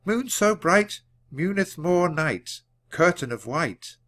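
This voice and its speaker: A man puts on a high, bright girl's voice for a storybook, full of bold exclamations. She swings up and down with wide, lively pitch. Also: takes it slowly, full character voice. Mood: cheerful. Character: shrill excited young girl.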